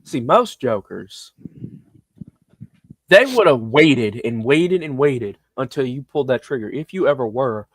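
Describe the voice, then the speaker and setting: A man's voice: mid-range voice, measured pace. A young man co-hosting a casual film review chat, slangy and laughing, acting out lines from the movie. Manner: animated, laughing, slangy, acts out quotes. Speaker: podcast co-host.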